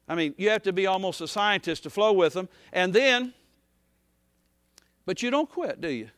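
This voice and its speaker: Male pastor, high bright tone, dry close sound, folksy rambling sermon. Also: lively intonation, moderate pace, pauses often, no echo. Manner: folksy, rambling, swings from soft to shouting.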